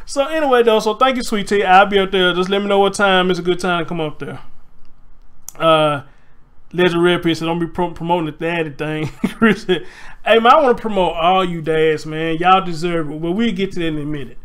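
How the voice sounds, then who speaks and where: A man's voice: high voice, brisk, a bit bright, smooth. A man hosting a casual livestream, telling a story with energy and reading viewer comments aloud. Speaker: host.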